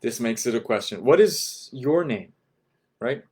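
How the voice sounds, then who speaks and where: A man teaching a beginner language lesson at an unhurried, slow pace. His voice sits at a middle pitch, and he repeats each phrase patiently. He keeps checking in with listeners after every point. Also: animated, a little mellow, slightly rough. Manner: patient, repeats phrases slowly and spells them out; says "right?" after nearly every point.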